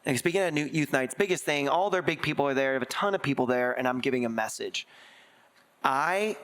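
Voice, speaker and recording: A man's voice: medium pitch, expressive, a little fast, a bit bright. A middle-aged male pastor in casual chat, telling a personal story at length and acting out the voices of the people in it. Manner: storytelling, acts out quoted voices.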